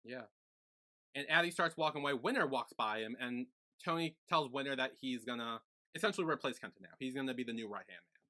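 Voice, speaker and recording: Bright-voiced man rambling through a recap. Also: medium pitch, fairly quick. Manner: rambling, heavy use of "like", retells scenes. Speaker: podcast co-host. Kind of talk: casual recap chat.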